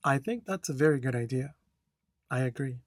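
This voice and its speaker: A language test instructor giving a speaking tutorial, talking slowly and deliberately, checking in with "okay?" after each point and reading a model answer with careful intonation. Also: medium pitch, no room sound.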